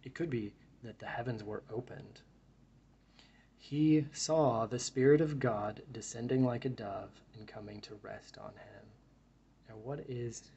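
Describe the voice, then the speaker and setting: A man's voice: mid-range voice, steady tone, measured pace, dark tone, breathy edge, lo-fi sound. A man giving a reflective Bible study talk, reading verses aloud and then musing on them in a thoughtful way. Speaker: Bible teacher.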